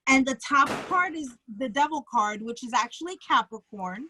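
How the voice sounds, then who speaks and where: A woman's voice: sits high, lively intonation, moderate pace, bright, forceful tone, slight background noise, rough recording. A woman with a Bronx New York accent giving a casual, blunt tarot reading, often checking in with "okay?" and swearing freely. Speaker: psychic tarot reader. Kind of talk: tarot reading on a live stream.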